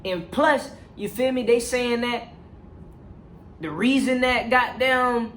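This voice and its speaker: Animated, profane movie reviewer. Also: medium pitch, slow, slight background noise. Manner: animated and profane, heavy slang, constant "you feel me" check-ins. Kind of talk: casual movie recap.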